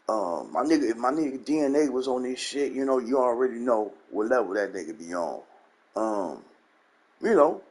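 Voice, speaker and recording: A man hosting his gaming channel, ranting bluntly and profanely in a commentary monologue and repeating his catchphrases. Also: mid-range voice. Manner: blunt, profane, repeats "you know what I'm saying".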